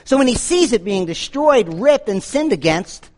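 A man preaching a sermon, animated, swinging between booming lines and low asides. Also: normal speed. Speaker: pastor.

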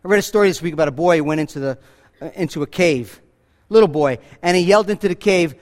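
High-voiced preacher in an echoing hall. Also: male voice, fast. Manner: earnest, conversational preaching with emphatic asides. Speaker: pastor. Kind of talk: sermon. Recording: reverb from a large hall.

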